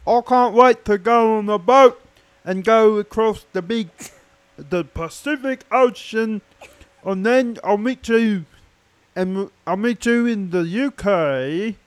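A man voicing a cheery, exaggerated posh British man in a mock British accent, high and sing-song. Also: slow, clean tone, no room sound. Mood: chirpy.

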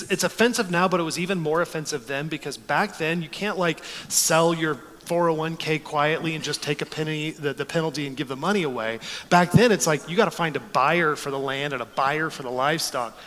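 A man in his forties preaching a sermon, telling stories in an animated, joking way. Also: fairly high pitch, long reverb tail, slight background noise. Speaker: pastor.

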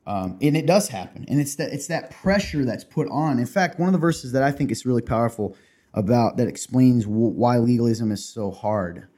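A man's voice: mid-range voice, lively intonation, normal speed, warm tone. A man co-hosting a casual faith podcast, earnestly explaining church teaching in conversation. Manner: earnest, explaining, reads scripture aloud. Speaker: podcast co-host.

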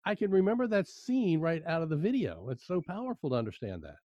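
A man with a slightly raised pitch tells a personal story in a relaxed, animated way, returning to the same phrases. His voice sounds dry and a little muffled, as if recorded close with no room sound. The talk is unhurried and conversational. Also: no room sound. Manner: animated anecdote teller, repeats key phrases.

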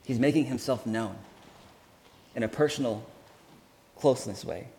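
A man preaches a sermon with a mellow, dark voice. He speaks earnestly and haltingly, often restarting his sentences. His voice carries a long reverb through the hall, with faint ambient noise behind it. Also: mid-range voice.

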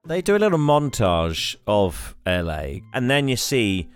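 A man's voice: fairly low pitch, sing-song, unhurried. A man co-hosting a podcast in casual chat, recounting a film scene by scene and laughing now and then. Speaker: podcast co-host.

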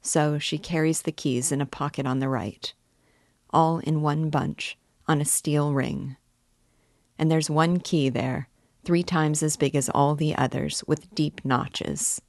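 A woman's voice: deep voice, fairly even intonation, slow, a little mellow, dry recording. A woman reading a novel aloud, voicing a poor, troubled young man who is tense and secretive, muttering his thoughts.

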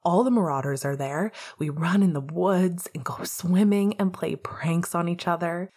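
A woman's voice: fairly low pitch, moderate pace, darkish tone, lightly acted. A woman reading a cocky, rebellious teenage boy wizard in a podfic, brash and playful.

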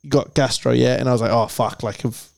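A man's voice: mid-range voice, steady tone, a little fast, vocal fry, darkish tone, no echo, studio quality. A man co-hosting a podcast, telling a rambling, sweary story in casual chat. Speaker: podcast co-host.

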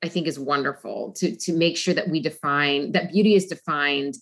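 A woman's voice: sits low, moderate pace, fairly bright tone. A woman talk show host asking a guest a long, searching question, thinking aloud as she goes. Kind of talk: interviewing a guest.

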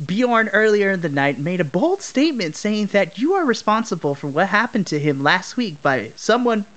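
A man's voice: high-pitched, fairly bright tone, heavily acted. A man voicing a tiny woman backstage interviewer at a wrestling show, bubbly and gushing. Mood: chipper. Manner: bubbly, fawns over a puppy.

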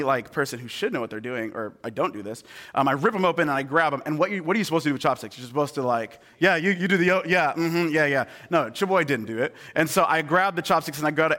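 A young adult man giving a casual, conversational sermon as a pastor, swinging between hushed asides and excited storytelling. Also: a little high.

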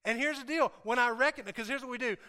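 Speaking fast in an extremely high, bright, forceful voice, this pastor preaches an earnest, confessional sermon. He addresses his congregation directly and repeats key phrases for emphasis.

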